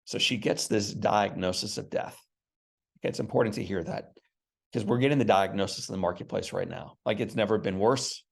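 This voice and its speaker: A man's voice: on the low side, brisk, gravelly, breathy edge. An earnest middle-aged man telling an emphatic personal story as a guest in an interview.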